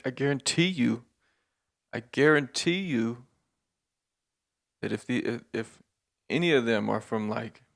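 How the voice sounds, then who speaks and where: A man's voice: mid-range voice, vocal fry. A man hosting a podcast, ranting in a casual, profane, rambling way and laughing between points, and sounding hungover. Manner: profane, rambling, laughing, with many filler words. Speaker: podcast host. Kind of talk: casual monologue rant.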